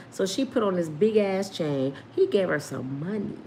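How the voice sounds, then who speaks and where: A woman in her fifties tells a story the way she would to friends, keeping it lively and laughing as she goes. She drops into different voices to play the people in the tale, all at a middle pitch. There is a faint hiss of background noise. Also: normal speed, hardly any pauses. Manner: animated, laughs often, acts out quoted voices. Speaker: storyteller host. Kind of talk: casual storytelling.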